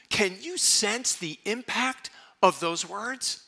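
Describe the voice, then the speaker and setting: Emphatic preacher man, very bright voice. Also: high-pitched, animated, slow pace, gravelly, hardly any pauses, husky. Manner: emphatic, repeats key phrases. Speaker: pastor. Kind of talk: sermon.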